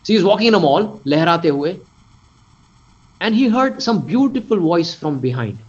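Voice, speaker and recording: A man's voice: sits high, expressive, normal speed, breathy edge. A man with an Indian English accent giving a motivational webinar talk as a mentor, emphatic and repeating phrases for stress. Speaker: mentor and coach. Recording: lo-fi webinar audio.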